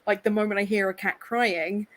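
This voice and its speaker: A woman's voice: medium pitch, fairly even intonation, normal speed. English woman, co-host, playful storyteller on a video call. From England. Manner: chatty storyteller, playful teasing. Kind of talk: casual chat.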